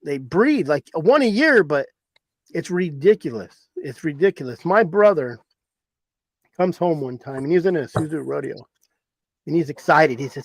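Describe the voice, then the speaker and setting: Host, male, from Arizona; rambling storyteller, a bit higher voice, dry close sound. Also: sing-song, normal speed, no room sound. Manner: rambling, repeats himself for emphasis. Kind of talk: casual storytelling chat.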